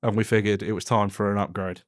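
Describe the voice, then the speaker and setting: A man's voice: fairly low pitch, little pitch movement, fast. A man co-hosting a casual podcast, joking and rambling with mild swearing, on a studio microphone. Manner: jokey, sweary, rambling banter. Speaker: podcast co-host. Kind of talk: casual chat. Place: home podcast setup, indoors. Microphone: studio microphone on a stand.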